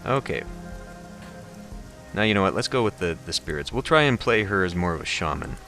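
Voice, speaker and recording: A man's voice: deep voice, expressive, a little fast, sharp tone, soft background music. A man playing a video game, thinking aloud hesitantly and reading the game's text aloud. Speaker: let's play host.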